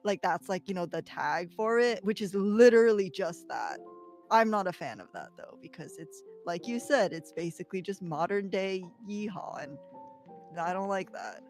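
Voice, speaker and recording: A woman's voice: mid-range voice, lively intonation, normal speed, darkish tone. A woman chats casually on a stream, rambling and stumbling through fillers as she searches for words. Faint music runs behind her voice. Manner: rambling, many fillers and hesitations. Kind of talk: casual chat.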